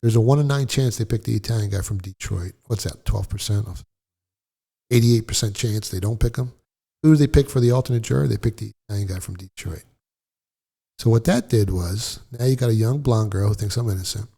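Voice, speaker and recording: A middle-aged man telling a personal story in a blunt, profane, animated way, as a guest in a casual interview. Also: fairly low pitch, a little fast, creaky, slightly rough.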